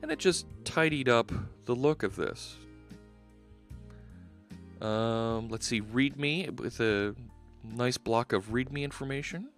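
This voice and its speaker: Male streamer, mid pitch, upbeat rambling chat over faint background music. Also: lively intonation, slow pace, pauses often. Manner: chatty, upbeat, rambling with frequent restarts. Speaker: live-coding stream host. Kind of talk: casual livestream chat while coding.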